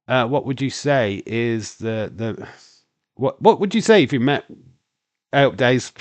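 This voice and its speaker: A man's voice: medium pitch, lively intonation, measured pace, no room sound. A man with a Yorkshire accent hosting a casual wrestling watch-along stream, rambling on and answering chat questions with lots of fillers.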